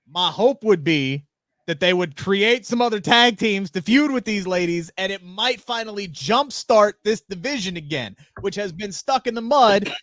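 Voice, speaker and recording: A man co-hosting a casual wrestling podcast, opinionated and animated, swearing freely into a close mic. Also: high voice, dry recording. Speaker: podcast co-host.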